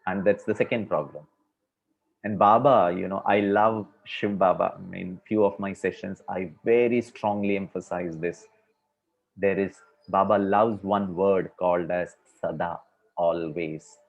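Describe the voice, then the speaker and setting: A man's voice: low-pitched, fairly even intonation, measured pace, gravelly. A man giving a conversational spiritual discourse to a class, using many fillers. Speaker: spiritual speaker. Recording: dull lo-fi recording.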